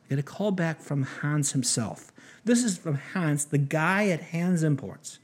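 A man's voice: a little high, unhurried, breathy edge. A man hosting a podcast, telling a story animatedly and acting out the dialogue, often restarting his sentences. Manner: animated retelling with quoted dialogue, frequent restarts. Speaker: podcast host. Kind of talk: storytelling monologue.

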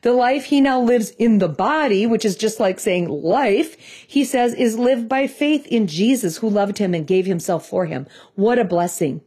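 A woman's voice: medium pitch, animated, normal speed, few pauses, mellow, breathy edge. A woman from Minnesota with a Midwestern accent, telling a devotional story in an earnest, conversational way. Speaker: devotional host.

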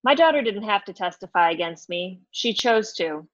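A woman's voice: mid-range voice, animated, normal speed, no room sound, lo-fi sound, natural voice. A woman reading as a sarcastic woman in her fifties. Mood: scornful. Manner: flip and cheeky, scornful. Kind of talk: author reading her novel aloud.

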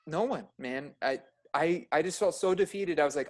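Casual podcast talk from an emergency room nurse who narrates stories animatedly and leans on fillers. His moderate-paced voice rises to loud, high notes when he gets worked up.

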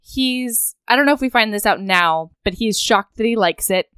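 Woman co-host, smooth clear voice, dry close sound, lively recap chat. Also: on the high side, normal speed, no room sound. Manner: animated retelling, acts out lines. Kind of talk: casual book recap chat.

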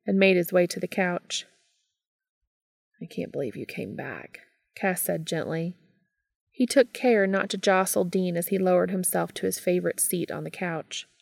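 A woman reading a romance story aloud in calm, steady scripted narration. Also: medium pitch, vocal fry, dry recording. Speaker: fan fiction reader.

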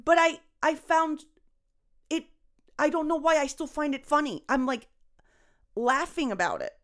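A young adult woman, a comedian, talking casually on a podcast in a rambling, expressive way, swearing and laughing often. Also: sits high, unhurried. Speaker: guest comedian.

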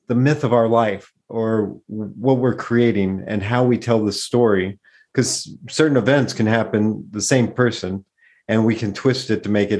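A man's voice: fairly low pitch, darkish tone. A man hosting a podcast in casual conversation, engaged and thoughtful, with frequent "uh" fillers.

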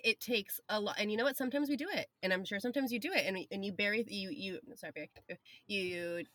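A woman's voice: mid-range voice, quick pace, a bit bright. A woman and parent offering reassurance in candid chat, blunt and casually swearing. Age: adult parent.

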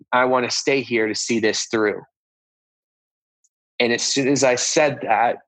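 A man's voice: medium pitch, a bit bright, no echo, rough recording. A man with a mid-range voice tells a personal story in a casual, earnest way. He keeps acting out the conversations he had. The sound is dry and close. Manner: earnest, reenacts conversations with "I was like". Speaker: guest telling a personal story.

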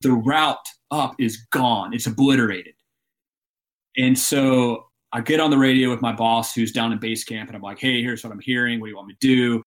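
Man, mountain guide guest, animated storyteller with frequent laughs. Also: medium pitch, normal speed. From Alabama. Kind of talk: storytelling interview.

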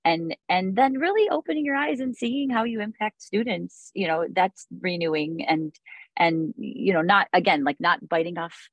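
A woman's voice: on the low side, normal speed, no room sound. A woman in her forties, a music teacher, talking in a podcast interview, chatty with many fillers and restarts.

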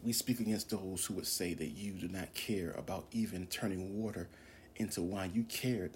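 Deep-voiced man praying fervently. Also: moderate pace, darkish tone, slight background noise. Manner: impassioned, drops into whispers, repeats phrases. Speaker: preacher. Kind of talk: fervent spoken prayer and exhortation.

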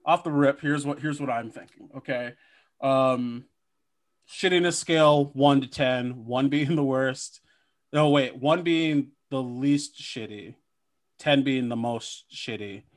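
A man co-hosting a podcast who riffs loosely and swears freely. He acts out imagined conversations in bits. His voice sits at a middle pitch. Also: slow. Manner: profane, riffing, acts out imagined dialogue. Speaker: podcast co-host. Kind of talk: casual comedic podcast chat.

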